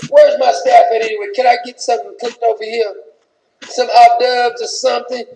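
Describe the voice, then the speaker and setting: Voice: mid-range voice, little pitch movement, a little fast, creaky, mellow, reverberant, a little hiss or hum, lightly acted, rough recording. A speaker doing an impression of an angry first lady, sassy and scolding with repeated name-calling.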